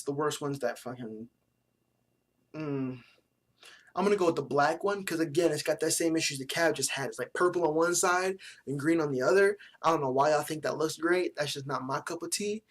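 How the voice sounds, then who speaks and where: A man's voice: a little high, moderate pace. A young man giving casual, profane commentary as a vlogger, blunt and mocking with plenty of slang. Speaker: vlogger reviewing sports jerseys.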